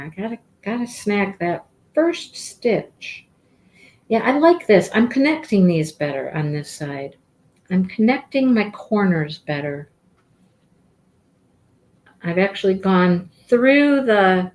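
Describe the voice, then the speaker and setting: A woman hosting a crochet livestream, chatting casually and rambling as she works her stitches. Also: darkish tone. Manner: chatty, rambling, talks to her cat in a high baby voice.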